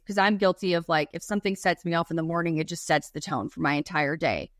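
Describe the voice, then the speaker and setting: A woman's voice: fairly low pitch, fairly quick, hardly any pauses, no room sound, studio quality. A woman in her thirties co-hosting a podcast, talking in a casual, rambling way with many fillers. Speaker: podcast co-host.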